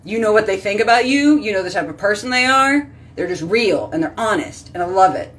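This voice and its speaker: A woman's voice: mid-range voice, animated, a little fast, a bit bright, distant mic. Chatty sounding woman host. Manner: chatty, rambling, addresses viewers by name. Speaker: host reading live chat. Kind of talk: casual live-stream chat.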